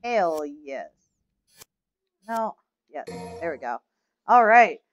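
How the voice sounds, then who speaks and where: A woman hosting a let's play, giving loud commentary full of exclamations and frustrated swearing. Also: on the low side, very animated, slow pace, lo-fi sound. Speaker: gaming channel host. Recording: game music under the voice. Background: game music.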